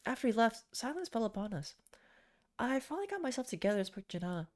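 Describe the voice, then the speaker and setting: A woman streamer reading a romance comic aloud in an expressive, casual way with chatty asides. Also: a little high, fast talker.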